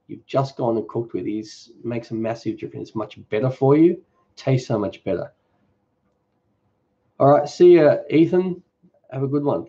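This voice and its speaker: Mellow man, casual live chat. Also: mid-range voice, dull audio. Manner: easygoing, reads viewer comments aloud and answers them off the cuff. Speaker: cooking channel host.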